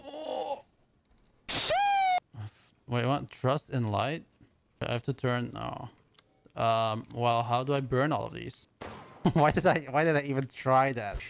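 A male streamer giving live gameplay commentary, loud and excitable with constant swearing. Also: mid-range voice, slow pace, creaky, pauses often, slight background noise.

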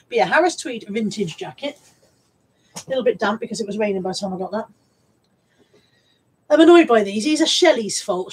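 Her voice is a little high, darkish and slightly rough, captured in a low-quality recording. She's a Bristol woman chatting on a live stream while showing a thrift haul, rambling along, restarting and repeating her words, and reading out comments from viewers.

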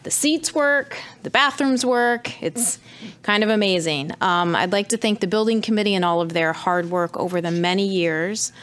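A woman's voice: medium pitch, moderate pace, fairly bright tone. A woman town councilor giving upbeat remarks at a meeting, with frequent ums.

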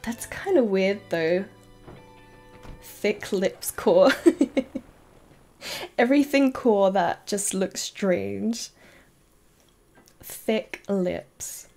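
A woman streaming a game live, chatting casually and giggling, with bursts of excited squeals. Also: medium pitch, extremely slow, long pauses, faint music behind. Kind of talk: casual live-stream chat while playing.

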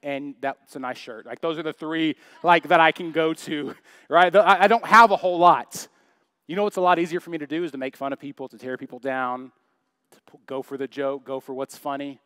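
A man's voice: a little high, steady tone, brisk, pushed and bright, smooth, no echo, studio quality. A young adult man preaching a sermon in church, chatty and joking, full of rhetorical questions. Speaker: pastor.

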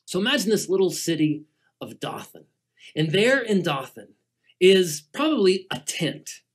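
A middle-aged man tells a Bible story to children as a guest teacher. His pitch swoops widely as he dramatizes the tale, and he sometimes sinks to a near hush to build suspense. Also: measured pace, slightly rough. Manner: animated, dramatic storyteller, shifts to hushed tones.

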